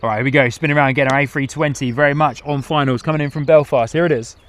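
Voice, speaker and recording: A man's voice: medium pitch, fairly even intonation, racing, fairly bright tone. Guy hosting a live plane spotting stream outside at an airport, chatty, reads out chat and laughs a lot, normal mid voice. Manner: chatty, reads out viewer comments, laughs often. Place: outdoors at an airport.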